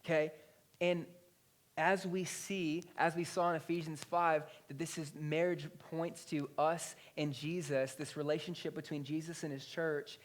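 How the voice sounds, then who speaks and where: A male pastor in his thirties preaching a sermon in a conversational, animated storytelling way. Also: fairly high pitch, unhurried. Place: church.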